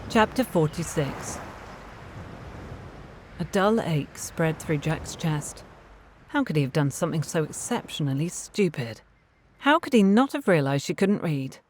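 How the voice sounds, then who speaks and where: A woman reading a romance novel aloud as an audiobook narrator in a measured, even storytelling manner. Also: sits low, slight background noise. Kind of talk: scripted narration.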